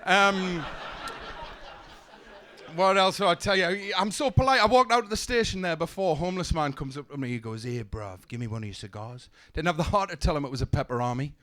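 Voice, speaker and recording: A young man doing a stand-up set, telling deadpan one-liners with stumbling restarts, on a comedy club stage. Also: high-pitched, a little fast. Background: audience laughter.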